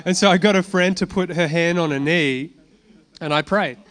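A man preaching with an animated, storytelling manner, breaking off into casual asides and chuckles. His voice sits a little high for a man. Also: normal speed. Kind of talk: sermon with testimony.

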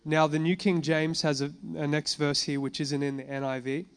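A man preaching to a congregation, reading scripture slowly and then explaining it in a relaxed conversational way, with fillers and questions to the room. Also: a little high, smooth. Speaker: pastor. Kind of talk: sermon. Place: church gathering addressing a congregation.

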